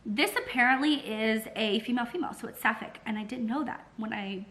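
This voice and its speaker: A woman book vlogger chatting casually and excitably to camera, full of "like" fillers and the odd swear word. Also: a little high, a little fast. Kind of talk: casual vlog chat.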